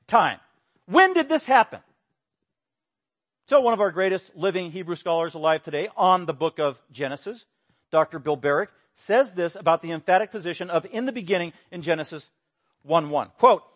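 A man preaching a sermon, emphatic, swinging between loud exclamations and quiet explanation. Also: a little fast. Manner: emphatic, rising to loud exclamations then dropping low. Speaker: pastor.

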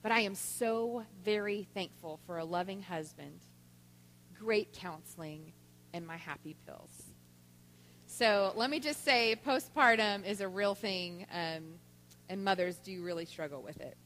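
A woman giving a Mother's Day talk in church, telling stories with lively voiced quotes. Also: medium pitch, measured pace, a little hiss or hum. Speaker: church speaker. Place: church sanctuary. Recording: long church hall reverb.

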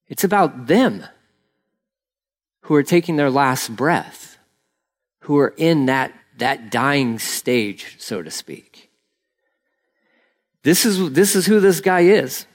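A man's voice: fairly high pitch, very animated, takes it slowly, pauses often. A man preaching a conversational sermon as a pastor, earnest and casual, often saying "like" and briefly acting out the people he quotes.

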